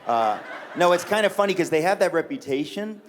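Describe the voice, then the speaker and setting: A middle-aged man from New York City, a guest author in casual chat on a church stage, telling stories in a joking, animated way. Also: sits high, brisk, slight background noise. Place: church stage before an audience.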